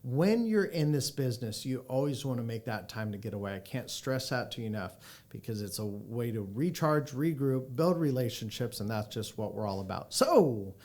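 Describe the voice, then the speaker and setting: A man hosting a sales podcast, talking in an upbeat, energetic and joking way. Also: medium pitch, moderate pace, few pauses. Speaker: podcast host, annuity sales coach. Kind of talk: casual podcast chat.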